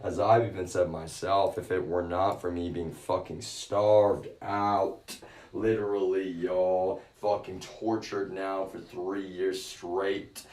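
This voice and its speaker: A man's voice: low voice, little pitch movement, slow pace, a little mellow, distant mic. A man ranting on a live stream, agitated and profane, speaking straight to his viewers. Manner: agitated, profane, keeps addressing viewers as y'all.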